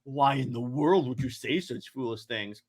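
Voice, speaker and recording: A man putting on a deeper, slower voice to read a haughty male sun god from a comic, pompous and commanding. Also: darkish tone, lightly acted. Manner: slow, lowered, pompous delivery.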